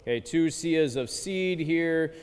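A man's voice: on the high side, slow, darkish tone, clear, resonant tone. Man preaching in a reverberant hall. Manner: conversational, frequent "okay" and "right". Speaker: pastor. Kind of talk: sermon.

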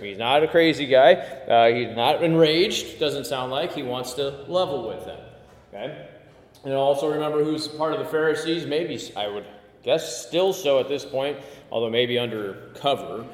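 A man's voice: mid-range voice, darkish tone. A man teaching a Bible study class in a conversational way, asking the group questions and explaining Greek words. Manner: conversational, asks the class questions, many "okay"s. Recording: echoey room with long reverb.

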